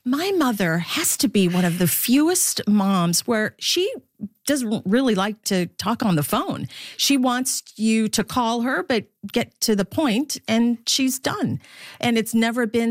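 A woman sportscaster born in the Philippines talking in an interview, animated and laughing often, with lively voices for the people in her stories. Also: a little high, a little slow, dry recording, studio quality. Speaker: sportscaster guest. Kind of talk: interview conversation.

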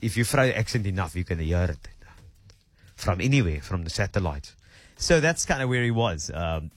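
A South African man hosting a radio show, chatting in a playful, animated way. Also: sits low, normal speed, husky, dry recording, soft background music. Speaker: radio host. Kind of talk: casual radio chat.

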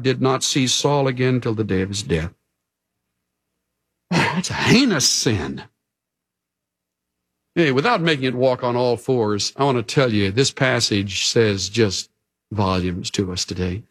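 Slow-preaching man. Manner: earnest preaching, drops low and soft for emphasis. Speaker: pastor. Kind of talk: sermon.

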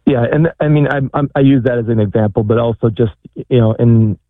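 A man's voice: mid-range voice, no echo. Male caller on a tinny phone line. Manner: halting, hesitant phrasing.

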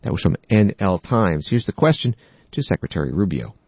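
A man hosting a news program, reading reports in a steady, measured scripted delivery. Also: deep voice, slightly rough, no room sound, lo-fi sound. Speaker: news host.

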